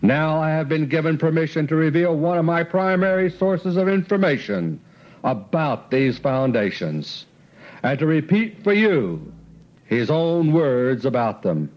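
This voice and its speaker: A man reading a quoted speech aloud in a slow, deliberate, solemn way with emphatic pauses. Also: a little high, sing-song. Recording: dull lo-fi recording.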